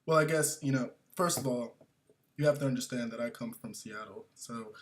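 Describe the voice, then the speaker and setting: A man playing a condescending coffee connoisseur, with a slow, patronizing drawl. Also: mid-range voice, lively intonation, warm tone, a little hiss or hum. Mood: snooty. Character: snobbish coffee connoisseur, condescending, self-satisfied.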